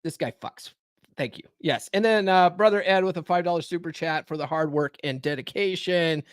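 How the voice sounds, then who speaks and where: A man hosts a live stream podcast in a fairly high voice, animated and loose with swearing. He talks with lots of fillers and "okay?" tags. The sound is dry and close. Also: brisk, smooth, no echo. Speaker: podcast host. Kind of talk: live stream commentary and book reading.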